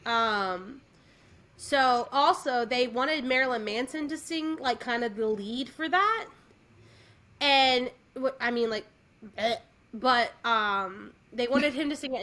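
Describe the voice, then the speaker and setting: A woman's voice: a little high, slow, pushed and bright. A woman co-hosting a podcast, chatting casually and enthusiastically with many fillers and restarts. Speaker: podcast co-host. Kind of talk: casual chat.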